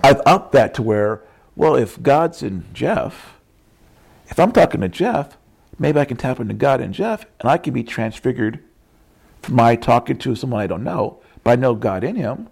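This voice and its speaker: Gravelly man preaching with stories. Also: medium pitch, moderate pace. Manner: animated storytelling, acts out quotes, laughs often. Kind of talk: sermon with personal stories.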